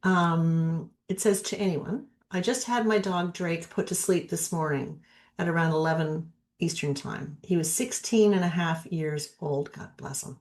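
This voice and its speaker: A woman with a somewhat low voice hosts a live psychic panel and reads viewer questions aloud. She sounds steady and plain. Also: a little slow. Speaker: host.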